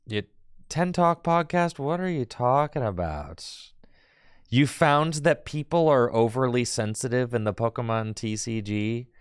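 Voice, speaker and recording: Male streamer, smooth clear voice, dry close sound, laid-back banter with chat. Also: medium pitch, expressive, a little slow, no room sound. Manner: chatty, talks back to viewers in chat. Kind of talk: casual live-stream chat while playing a card game.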